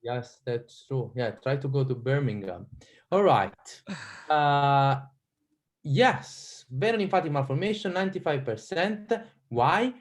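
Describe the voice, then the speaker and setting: A man with an Italian accent giving an online teaching lecture on a video call, quizzing the audience and often restarting his sentences. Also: a little high. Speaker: radiology lecturer.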